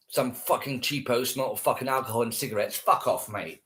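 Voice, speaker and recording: A man's voice: medium pitch, animated, a little fast, few pauses, a bit bright. A man ranting casually to camera, scornful and heavily profane, repeating himself.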